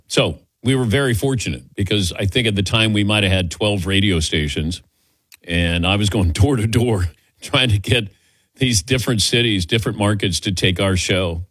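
A man's voice: lowish voice, normal speed, fairly bright tone, no echo. A man hosting a sports radio talk show, wry and self-deprecating in casual chat. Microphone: studio microphone.

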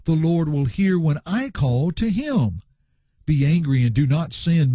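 A man's voice: fairly high pitch, mellow, breathy edge, no room sound, studio quality. A man preaching a Bible lesson, reading verses aloud and explaining them to his friends in an earnest way. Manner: slow, earnest, reads scripture aloud and explains words. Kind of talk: Bible teaching sermon.

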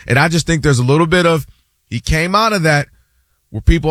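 Guy riffing on sports, fairly high voice, acts out fans, dry close sound. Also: brisk, no echo. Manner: animated, acts out fans' and players' voices. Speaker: sports show host. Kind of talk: casual sports debate.

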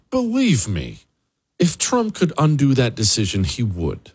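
A man's voice: mid-range voice, huge pitch swings, unhurried, breathy edge. A man hosting a radio talk show, giving a blunt, emphatic monologue with sarcastic asides. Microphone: studio microphone.

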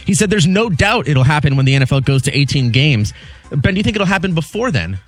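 A man's voice: a little high, sing-song, quick pace, soft background music. A man co-hosting a sports radio show, reading news items and putting questions to the host.

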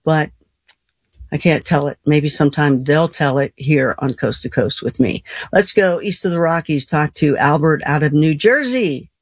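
A woman's voice: deep voice, normal speed, husky, no echo. A woman hosting a late-night call-in radio show, chatty and folksy, laughing easily between callers. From Colorado. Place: radio studio.

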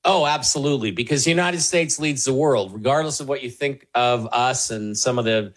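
A man's voice: medium pitch, a little fast. A man as a talk show guest, answering questions earnestly in a rambling way, with many fillers and restarts. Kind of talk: conversational interview answers.

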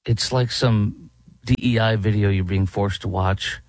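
A man's voice: lowish voice, steady tone, measured pace, dry recording. Sarcastic rambling talk show host man. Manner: sarcastic, rambling, many restarts. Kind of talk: political talk show commentary.

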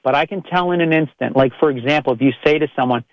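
A man's voice: on the high side, quick pace, no echo. A man who works as a chiropractor, giving a direct, earnest motivational monologue with lots of casual "like" fillers. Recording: dry, slightly dull audio.

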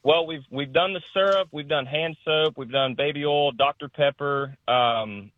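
A man's voice: on the high side, normal speed, no echo, narrow, tinny audio. A man from Florida, a guest calling in to a radio show, talking in an easygoing way. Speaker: caller, guest on the phone.

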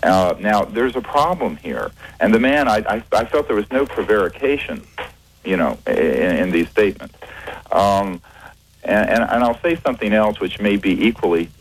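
A man being interviewed on radio as a researcher, speaking in a measured, hesitant way with many fillers and restarts. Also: on the low side, expressive, low-quality recording. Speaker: guest, researcher.

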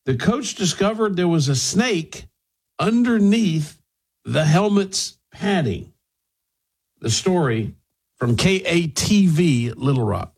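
A man's voice: on the high side, sing-song, takes it slowly, a little mellow, breathy edge. A man commentating, unhurriedly reading out a news story.

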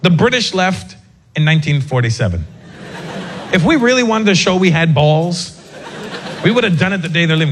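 A male comedian doing a stand-up set with animated storytelling and quick asides. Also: fairly high pitch. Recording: live set with audience noise.

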